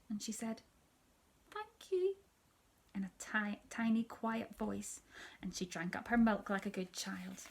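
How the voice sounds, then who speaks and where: A woman, a teacher, reading a children's story aloud in a soft, hushed storytelling manner that often drops near a whisper. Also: mid-range voice, gravelly, slightly rough.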